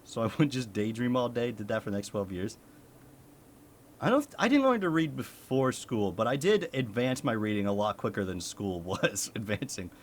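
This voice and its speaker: A man's voice: on the low side, lively intonation, normal speed. A young man from the United States, a streamer chatting casually with his chat, laughing often and swearing.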